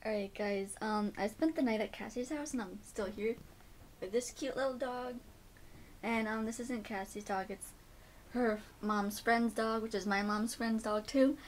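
A woman's voice: fairly high pitch, a little slow, slight background noise. A young woman vlogging casually, rambling with lots of "like" and "um". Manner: rambling, many "like" and "um" fillers; gushing baby talk to pets. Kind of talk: casual vlog chat.

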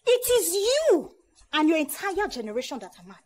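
A shrill furious wife. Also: female voice, sing-song, normal speed, noisy background. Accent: Nigerian. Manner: scornful, threatening tirade. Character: furious wife confronting her brother-in-law.

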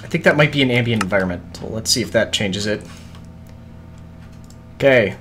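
A man's voice: on the low side, expressive, normal speed, pauses often, fairly bright tone, a little hiss or hum. A man streaming a video game, muttering to himself in casual, scattered chatter with frequent swearing and hiccups.

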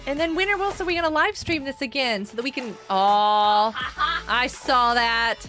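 A woman's voice: on the high side, normal speed, a bit bright, faint music behind. A woman streaming a survival game, chatting playfully and scolding her teammates in mock outrage. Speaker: gaming streamer. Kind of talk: casual gameplay commentary.

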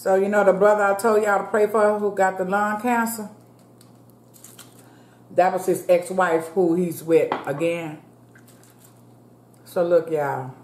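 This food vlogger in her fifties has a fairly low, slightly mellow voice with fairly even intonation, taking her time and pausing often. She eats while chatting casually to viewers, addressing them as "y'all" and saying a prayer out loud, all recorded in an echoey room.

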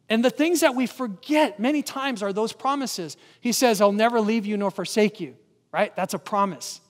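A man's voice: high-pitched, in a large hall. A man preaching a sermon as a guest pastor in a church, talking directly to the congregation and asking them to respond. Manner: engaging, asks the congregation questions. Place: church sanctuary.

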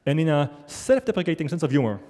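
On a large theater stage, a man tells a true story in a wry, self-deprecating, conversational style. His warm, fairly high voice swings widely in pitch and moves fast, with long hall reverb around it.

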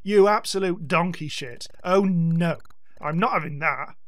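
A man hosting a let's-play, giving excitable gameplay commentary and yelping and swearing at the game. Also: a little high, measured pace, dry recording.

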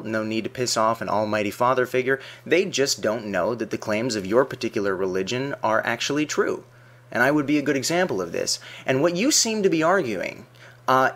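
A man's voice: mid-range voice, a bit bright. A man delivering an argumentative video response, full of sarcastic rhetorical questions. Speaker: video essayist.

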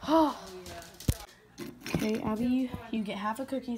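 A woman talks into her phone for a casual vlog, rambling from one thought to the next with plenty of fillers. Her voice sits a bit high, and the sound carries a faint hiss of background noise. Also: animated, unhurried. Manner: rambling, chatty, full of fillers. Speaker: vlogger. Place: outdoors on a porch at night. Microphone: phone camera.

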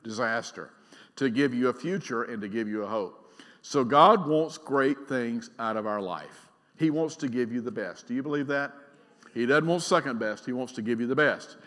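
A middle-aged man preaching a sermon as pastor. He is emphatic, swings between loud and quiet, and keeps asking the congregation questions. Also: mid-range voice, moderate pace. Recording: long reverb of a large church hall.

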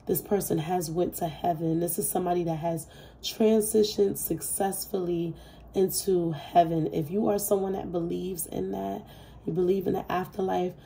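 A woman's voice: on the low side, creaky, mellow, slight background noise, poor audio. A woman giving a casual, heartfelt tarot reading, reassuring the listener over and over and swearing freely. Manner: repetitive, soothing reassurance. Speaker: tarot reader. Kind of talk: intuitive tarot reading to camera.

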